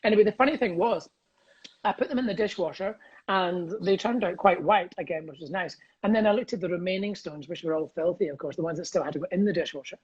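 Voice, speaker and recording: A middle-aged Scottish man, a comedian, telling cheeky anecdotes over a video call, quick and giggly, acting out voices in his stories. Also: sits high, slightly rough, lo-fi sound. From Scotland. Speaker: comedian guest. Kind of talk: casual storytelling chat.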